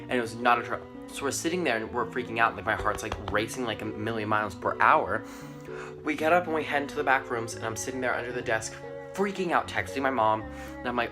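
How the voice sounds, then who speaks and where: A man's voice: mid-range voice, fast talker, over music. A teenage boy telling school stories to his channel in a rambling, casual way, full of "like" and "um". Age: teens. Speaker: vlogger. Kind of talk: casual storytelling to camera.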